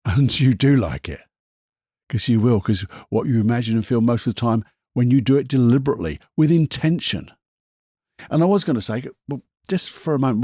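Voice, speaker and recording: A man's voice: medium pitch, brisk, a little mellow, dry recording, studio quality. A man hosting a podcast as a hypnotherapist, talking in a passionate, casual motivational monologue, swearing now and then and repeating himself.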